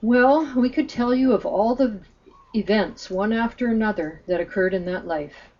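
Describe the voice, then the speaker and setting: A woman narrating a spiritual story in a gentle, earnest way, on a slightly muffled recording. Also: medium pitch, normal speed.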